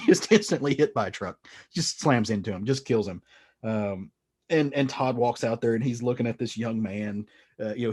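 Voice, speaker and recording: A man's voice: medium pitch, darkish tone. Rambling man reviewing comics. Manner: rambling, many fillers and restarts, retelling stories. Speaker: podcast host. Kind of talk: casual comic book review.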